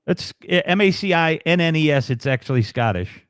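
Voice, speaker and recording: A man's voice: fairly high pitch, animated, brisk, smooth, no room sound, clean studio sound. A man guest on a livestream, rambling and joking with lots of fillers. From United States. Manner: rambling, jokey, many fillers. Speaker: livestream guest, fellow broadcaster. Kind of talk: casual chat.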